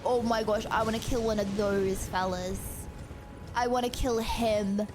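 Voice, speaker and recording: A young woman streaming a game, chatty and excitable, talking to her chat with sudden yelps and shouts. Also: fairly high pitch, unhurried, music in the background. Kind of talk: live gameplay commentary.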